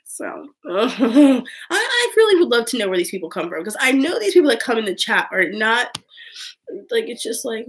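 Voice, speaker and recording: A young woman hosts a live stream, reading viewer comments and chatting in a loose, rambling way. Her voice sits a little high with big pitch swings, and she says "like" constantly and breaks into quick laughs.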